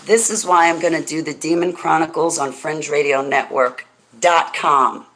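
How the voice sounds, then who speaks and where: A woman's voice: sits low, steady tone, moderate pace, a bit bright, low-quality recording. Woman ranting on her religious radio show, emotional, talks right to a listener. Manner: emphatic, emotional, addresses a listener directly. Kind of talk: impassioned religious talk.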